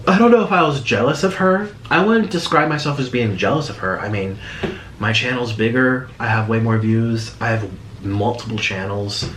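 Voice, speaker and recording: A man's voice: lowish voice, lively intonation, a little fast, fairly bright tone. A man reacting to a video in casual commentary, rambling and restarting his sentences with sarcastic asides. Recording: echoey room with faint noise.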